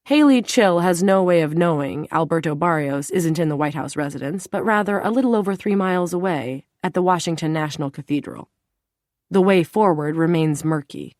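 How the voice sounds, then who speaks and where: A woman with a low voice reads a thriller audiobook in a steady, even way. The sound is dry and close, with no room around it. She keeps her narration plain between the character voices. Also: fairly quick, dry recording.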